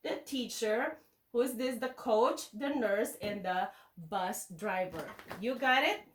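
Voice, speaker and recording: A woman teacher reading a picture book aloud to young children in slow, sing-song teacher talk, checking in with them often. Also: fairly high pitch, distant mic. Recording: echoey room, voice away from the mic.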